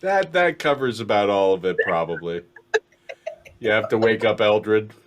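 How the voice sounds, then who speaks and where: A man narrating a tabletop game as dungeon master in a measured, deliberate way. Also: lowish voice, animated.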